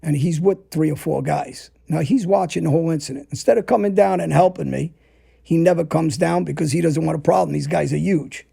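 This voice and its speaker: Gravelly, husky-voiced man telling blunt stories. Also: fairly high pitch, fairly quick, warm tone. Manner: blunt, profane, tells events in present tense. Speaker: storyteller guest. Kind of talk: casual storytelling.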